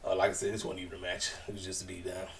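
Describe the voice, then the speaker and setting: A man's voice: low voice, completely flat delivery, very fast, far from the mic, noisy background. A man giving a casual, slangy wrestling show recap, chatty and acting out what people said. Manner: chatty, slangy, retells scenes in quoted voices.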